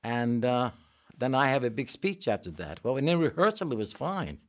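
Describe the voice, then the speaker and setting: An older man, an actor, telling lively stories in an interview and acting out the voices. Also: mid-range voice, moderate pace. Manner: animated, acts out voices in his stories. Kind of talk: anecdotal interview storytelling.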